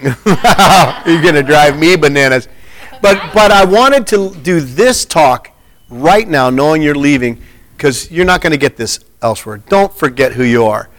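A man's voice: fairly high pitch, lively intonation, measured pace, fairly bright tone. Earnest man preaching casually. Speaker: pastor. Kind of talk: informal sermon and chat.

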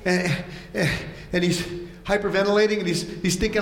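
A man's voice: sits high, steady tone, normal speed. A man preaching a sermon, telling stories with animation and acting out voices, often repeating words as he goes. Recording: echoey hall.

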